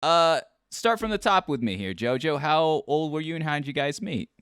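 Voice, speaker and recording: A man hosting a casual interview podcast, asking questions in lively bursts with frequent restarts. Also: fairly high pitch, moderate pace, smooth, no echo, clean studio sound. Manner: animated, talks in bursts with restarts and laughs. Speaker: podcast host.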